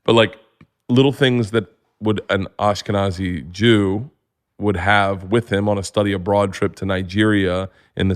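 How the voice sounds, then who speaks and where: A man in his forties, a comedian guest, telling stories in casual chat with animated, excited bursts. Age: 40s. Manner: animated storyteller, jumps to high excited voices when acting out scenes. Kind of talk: casual storytelling.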